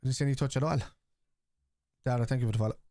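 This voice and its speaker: A man's voice: mid-range voice, fairly even intonation, very fast, mellow, dry recording, studio quality. A man hosting a live fan watchalong, reading out and answering viewer chat in a blunt, casual way, swearing freely. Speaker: fan channel host.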